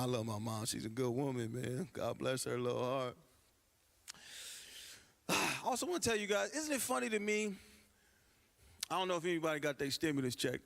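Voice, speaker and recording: A man doing a stand-up comedy routine with animated storytelling, acting out the voices of other people. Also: fairly high pitch, vocal fry. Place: church stage before a live audience.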